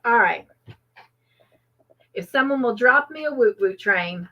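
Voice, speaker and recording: A woman's voice: on the high side, expressive, unhurried. A woman hosting a casual live trivia stream from home, chatty and laughing often as she thanks viewers by name. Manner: chatty, laughs often, reads chat names aloud. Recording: dull lo-fi stream audio.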